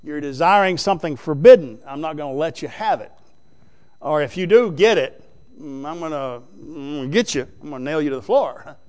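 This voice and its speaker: A man's voice: a little high, expressive, fairly quick, darkish tone, pitched below the performer's own voice, natural voice. A preacher voicing God firmly forbidding a man what he wants, with a warning edge. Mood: stern.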